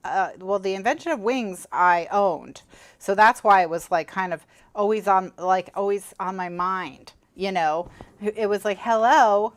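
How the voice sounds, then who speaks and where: A woman's voice: mid-range voice, measured pace, no echo. A woman hosting a live crafting stream, chatting casually and rambling with lots of fillers and restarts. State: has the hiccups. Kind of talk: casual chat while crafting.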